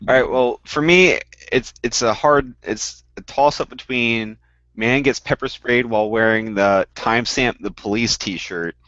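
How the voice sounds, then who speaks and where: Animated man telling stories on a call. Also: medium pitch, measured pace, no echo, muffled recording. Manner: animated storyteller, swings up loud for punchlines. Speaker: guest panelist. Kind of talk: casual podcast chat.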